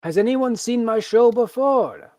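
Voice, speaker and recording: A man's voice: lively intonation, a little slow, darkish tone, no echo. A man doing a flamboyant showman beast tamer. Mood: exuberant. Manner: grand, booming showman's patter.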